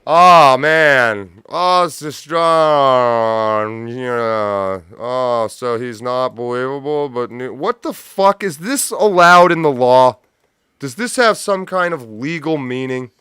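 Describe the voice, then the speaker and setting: Brief: male streamer, blunt and profane, clear resonant tone, mid pitch, dry mic. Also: slow, sharp tone, no echo. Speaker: live stream host. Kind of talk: profane live reaction commentary. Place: home studio with a cat nearby. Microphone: studio mic with pop filter.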